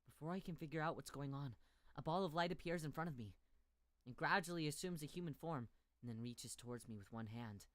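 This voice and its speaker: A woman streamer reads a visual novel aloud in the first person, her voice sitting low and moving fairly quickly in a dry recording. Between lines she swears and jokes casually, and at times she erupts into loud shrieks and repeated cries.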